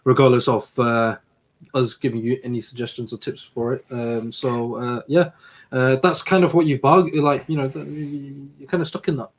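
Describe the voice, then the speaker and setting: A young man co-hosts a casual advice podcast in a medium-pitched, steady voice at a normal speed. He laughs often, stammers and restarts, and teases playfully.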